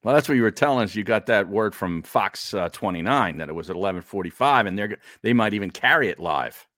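A man's voice: fairly low pitch, expressive, quick pace, fairly bright tone, dry recording, studio quality. A man hosting a casual sports talk show, telling stories between laughs. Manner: laughing storyteller.

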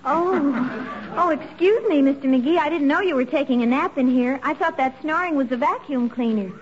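A woman's voice: sits high, normal speed, some chatter behind, close to an everyday voice. An actress playing a naive, scatterbrained young woman in 1940s radio acting style, sweet and earnest. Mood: chirpy. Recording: dull old radio broadcast.

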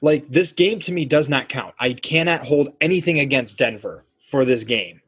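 Man, podcast co-host, husky, casual and animated sports talk. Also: mid-range voice, moderate pace. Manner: animated, acts out quotes in voices.

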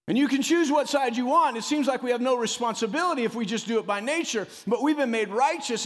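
A man preaching a sermon as pastor, emphatic and animated, often rising loud and dropping to a near hush. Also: big-room sound. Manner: emphatic preacher who rises and drops in pitch and loudness, calling "come on".

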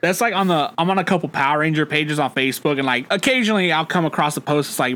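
A man's voice: fairly high pitch, fast, hardly any pauses, a bit bright. A young man co-hosting a podcast, chatting in a laid-back way, laughing often and trailing off with fillers. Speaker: podcast co-host. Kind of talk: casual chat.

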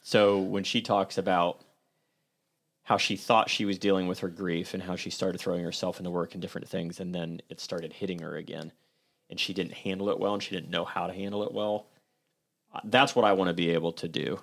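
Man, low voice, measured and earnest in a casual group talk. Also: steady tone, creaky.

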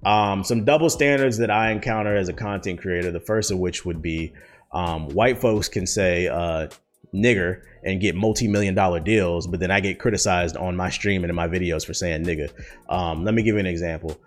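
A man's voice: sits low, brisk, faint music behind. A young man, a streamer, ranting casually and bluntly with lots of profanity while answering viewer questions. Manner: profane, blunt, heated storytelling. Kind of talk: casual rant.

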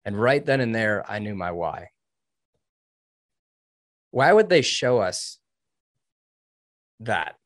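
A man's voice: on the low side, sing-song, takes it slowly, long pauses, no room sound, clean studio sound. A man from the United States, a former Navy SEAL trainee, telling his personal story in an interview with earnest, heartfelt feeling. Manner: earnest and heartfelt, with restarts and short laughs.

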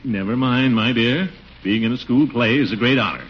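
An actor playing a pompous, blustering middle-aged uncle in an old radio comedy. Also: male voice, moderate pace, slight background noise, natural voice. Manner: pompous, booming. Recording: dull old radio recording.

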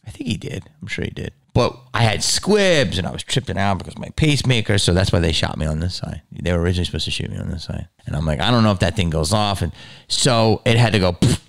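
A middle-aged man hosting a podcast, telling stories in a loose, profane, animated way and acting out what others said in voices. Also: deep voice, quick pace. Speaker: podcast host. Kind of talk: casual storytelling monologue.

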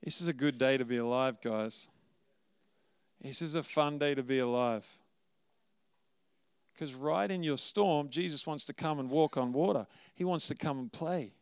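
A man's voice: mid-range voice, moderate pace, pauses often, clean tone, no room sound. A man preaching a sermon and telling a story with rising emotion, at times close to tears. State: tearful at times. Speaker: pastor.

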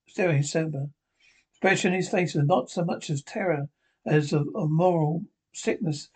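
A man's voice: on the high side, a little mellow, breathy edge. A man reading a novel aloud as narrator, stumbling and restarting often. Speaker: audiobook narrator.

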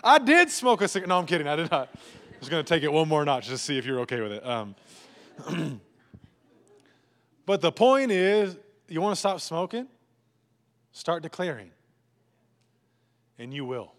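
A man's voice: a little high, lively intonation, normal speed, long pauses. A male pastor preaching a live sermon in church, joking and asking the congregation rhetorical questions. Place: church sanctuary before a congregation.

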